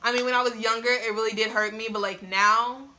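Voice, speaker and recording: A young woman vlogger tells a personal story to a phone camera on a tripod, chatty, laughing often, and saying "like" a lot. Her voice is on the high side, brisk and sharp, with fairly even intonation. A faint hiss or hum sits in the background.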